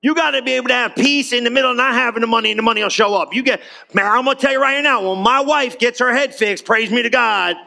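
A high-pitched, gravelly male pastor preaching with bright, forceful energy. Middle-aged, he jokes and keeps calling out to the congregation. His delivery is animated and playful. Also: quick pace. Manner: animated, joking, calls out to the congregation. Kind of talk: sermon.

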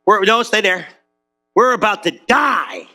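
A man preaching as a pastor, telling a story with slang and acting out every voice in the dialogue. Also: a little slow. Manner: animated, slangy, acts out dialogue with big pitch jumps. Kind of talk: comedic storytelling sermon.

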